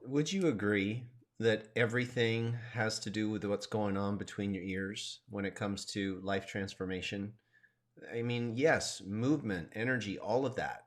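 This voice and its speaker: A man teaching a qigong lesson on a live stream, explaining calmly and guiding the listener step by step. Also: on the low side. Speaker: qigong instructor.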